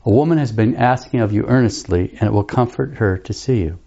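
A man's voice: lowish voice, brisk, creaky, mellow, highs cut off. A man voicing a formal, polite male prison governor with a grave manner.

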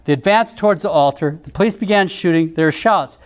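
Male narrator, high pitch, measured solemn read. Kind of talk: scripted narration reading visions.

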